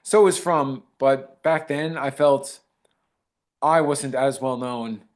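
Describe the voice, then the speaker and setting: A man's voice: medium pitch, takes it slowly. Modest male actor in casual chat. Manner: modest, retells encounters with quoted dialogue. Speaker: actor guest.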